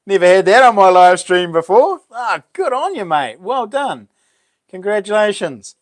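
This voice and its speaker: A New Zealand man hosts a laid-back live stream, reading out viewers' messages and answering them. His voice sits a bit high for a man, and the sound is close and dry with no room echo. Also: very animated, moderate pace. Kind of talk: casual live stream chat.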